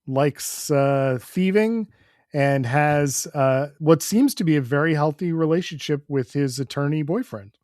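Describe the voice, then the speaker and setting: A man's voice: fairly high pitch, a little slow, a little mellow, dry recording, clean studio sound. A man co-hosting a comics podcast, recapping the plot in an easygoing way with fillers. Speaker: podcast co-host. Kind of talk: casual comics chat.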